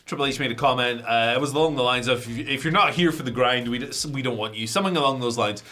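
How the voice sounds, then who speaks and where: A man's voice: mid-range voice, fast, bright, forceful tone. A man co-hosting a wrestling news show, chatting casually and rambling with jokes.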